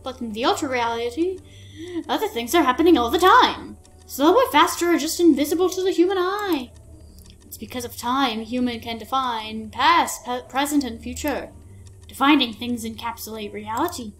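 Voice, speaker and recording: Calm fatherly captain in a game, read by a woman, lowered voice, patient and explaining. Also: moderate pace.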